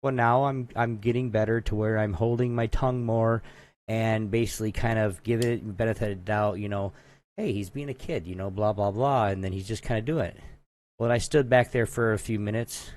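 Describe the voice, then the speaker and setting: A man's voice: lowish voice, fairly even intonation, brisk, darkish tone. A man co-hosting a podcast, telling a long story in casual chat, rambling with lots of asides. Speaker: podcast co-host.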